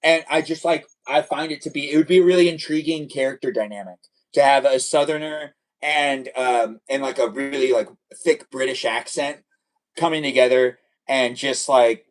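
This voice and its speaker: A young man hosts a casual livestream, rambling and hesitant, with lots of fillers and restarts. His voice is medium-pitched with fairly even intonation and a moderate pace. He sounds far from the mic, and the recording quality is low.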